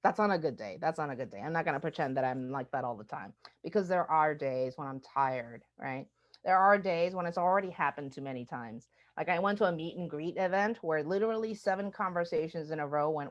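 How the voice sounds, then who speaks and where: A woman's voice: lowish voice, expressive, a little fast. A woman from the United States giving a conversational talk as a diversity speaker, often asking "right?". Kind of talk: recorded webinar talk. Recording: muffled lo-fi webinar audio.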